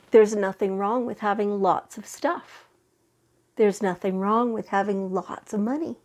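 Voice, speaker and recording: Slow, gentle woman giving a spiritual reading. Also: mid-range voice. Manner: slow, gentle, reassuring with fillers and restarts. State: recovering from a head cold. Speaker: tarot and oracle card reader.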